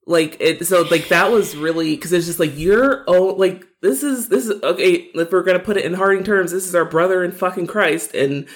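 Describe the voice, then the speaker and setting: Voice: medium pitch, moderate pace, hardly any pauses. A podcast co-host venting frustration in a rambling casual chat, full of fillers.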